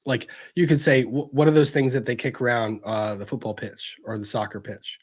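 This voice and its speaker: A man hosting a livestream, chatting casually and gently as he answers viewer messages, with plenty of fillers and restarts. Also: mid-range voice, steady tone, moderate pace.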